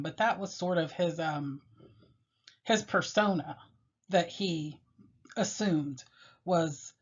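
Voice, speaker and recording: A woman teacher lectures on a poem in a fairly low voice. She explains step by step, pausing and filling gaps as she thinks. The recording sounds dull and lo-fi. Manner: measured, explanatory, with pauses and fillers. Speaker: literature teacher.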